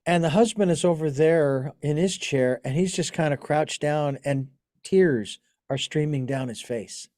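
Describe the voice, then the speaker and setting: A man with a notably high speaking voice hosts a casual interview. He tells long, wandering anecdotes full of fillers and false starts. The sound is close and dry. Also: a little slow, a little mellow, no room sound. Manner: rambling storyteller with many restarts and fillers. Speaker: podcast host.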